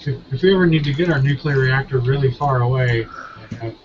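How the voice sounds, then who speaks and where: A man's voice: mid-range voice, fast talker. A man in a casual live chat with friends, joking in a dry mock-serious way. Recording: dull lo-fi mic with light hiss.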